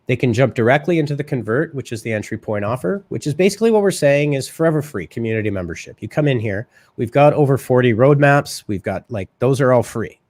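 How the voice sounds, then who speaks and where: A man hosting a live marketing show, talking fast and casually and often checking in with "right?". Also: medium pitch, expressive, darkish tone, dry recording. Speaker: host.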